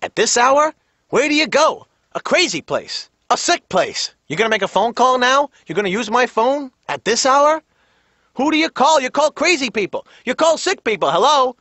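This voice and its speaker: A man putting on a grumbling, suspicious New father who whines in a high, jumpy voice and repeats himself in exasperation. He is dry and close, and the TV audio sounds a little dull. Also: sing-song, normal speed, bright, forceful tone, no echo, heavily acted. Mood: exasperated. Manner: whiny, exasperated, repetitive.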